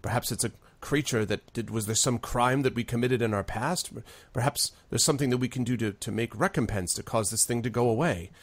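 A man's voice: medium pitch, brisk, hardly any pauses, dry recording, close to an everyday voice. A man voicing a proper, fussy town official woman who talks formally and stammers when worried. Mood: fretful.

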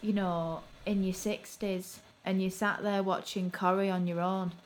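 A woman's voice: mid-range voice, flat delivery, measured pace, slight background noise. A young woman with a Bolton accent co-hosting a podcast, teasing dryly in casual chat. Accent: Bolton, northern English. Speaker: podcast co-host.

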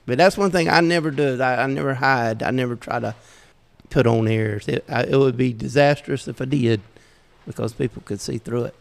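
Middle-aged southern guy from georgia, gravelly voice, chuckles a lot telling folksy stories, sounds like a big echoey room. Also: medium pitch, moderate pace. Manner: chuckles often, folksy, self-deprecating. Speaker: podcast guest. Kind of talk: casual storytelling. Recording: roomy with long reverb.

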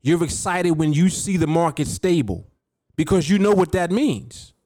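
A man's voice: a little high, moderate pace, mellow, dry recording, studio quality. A man hosting a podcast as a trading coach, talking emphatically, repeating key words and speaking straight to his listener. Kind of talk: motivational podcast talk.

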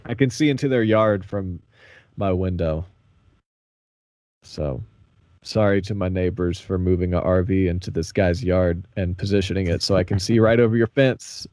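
A man from the American South chats on a podcast with a somewhat low voice. His talk is loose and laid-back and full of swearing. The sound is dry, with no room around it. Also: normal speed, darkish tone, no echo. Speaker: podcast co-host. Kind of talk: casual chat.

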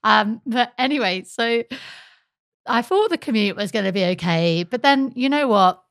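English woman in her 30s, chatty and animated, dry close sound. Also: a little high, normal speed, no room sound. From England. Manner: animated, chatty storyteller with frequent fillers. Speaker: podcast co-host. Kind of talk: casual storytelling chat.

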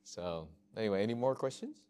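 A man's voice: lowish voice, normal speed, noisy background. A middle-aged man from Australia speaking as a missionary at a workshop, telling anecdotes and acting out conversations with frequent restarts. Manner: animated storyteller, acts out dialogue, frequent restarts. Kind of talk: informal workshop talk.

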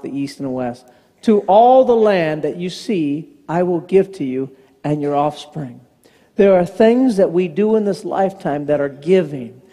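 High-pitched guy preaching, acts out all the back and forth, big echoey church hall. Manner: storytelling preacher acting out dialogue, animated. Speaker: pastor. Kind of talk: sermon. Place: church sanctuary. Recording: long church hall reverb.

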